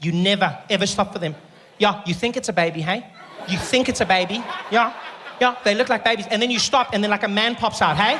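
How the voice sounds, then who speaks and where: This is high-pitched, brisk stand-up from a man with a South African accent, with background noise audible. Animated throughout, he tells stories and slips into voices for his characters.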